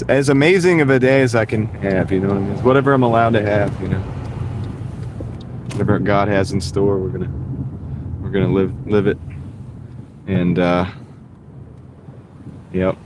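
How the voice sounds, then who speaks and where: His voice sits on the low side, with fairly even intonation, a moderate pace and long pauses. While on delivery runs, he talks casually to his live-stream audience, wandering and restarting sentences; a wireless clip-on mic inside the car catches him over faint car noise.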